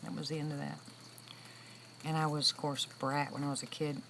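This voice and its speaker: A woman's voice: low-pitched, flat delivery, fairly quick, vocal fry, fairly bright tone, a little hiss or hum, poor audio. A woman in her sixties chatting casually with viewers on a livestream, telling stories and laughing often. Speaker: livestream host. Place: room with a loud air conditioner.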